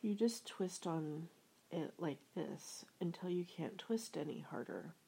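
A woman voicing a gentle, simple male bear from a storybook, speaking calmly and plainly. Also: on the low side, measured pace, gravelly, husky, heavily acted.

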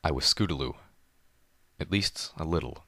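A man narrating a story in first person in a measured, deliberate manner. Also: very deep voice, pushed and bright, no room sound. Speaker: audiobook narrator.

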